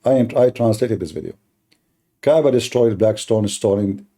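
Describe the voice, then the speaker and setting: Combative man with a very dark voice. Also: on the low side. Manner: mocking, combative, halting with many restarts. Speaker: livestream debate host. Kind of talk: heated live-stream debate.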